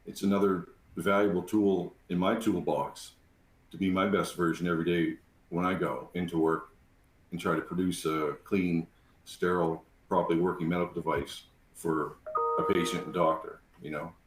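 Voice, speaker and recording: Deep-voiced man in an echoey room. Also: flat delivery, moderate pace. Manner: heartfelt, many fillers. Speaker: panelist, program graduate. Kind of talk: casual panel talk.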